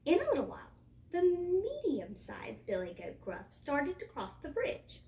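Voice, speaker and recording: Woman reading a kids' story, high and animated, echoey room a bit off mic. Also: a little slow, creaky, recorded from a distance. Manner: lively, expressive. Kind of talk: reading a children's story aloud.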